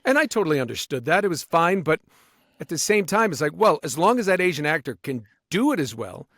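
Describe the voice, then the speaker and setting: Man, voice actor guest, animated, slightly high voice, dry close sound. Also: dry recording. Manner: animated, drops into quick character voices. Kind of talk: casual podcast conversation.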